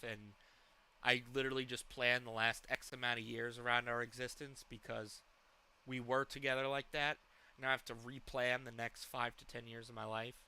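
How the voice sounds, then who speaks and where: A man's voice: medium pitch, sharp tone, clear, resonant tone. A man hosting a live stream, reacting to a clip with rambling, profane commentary. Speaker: streamer host.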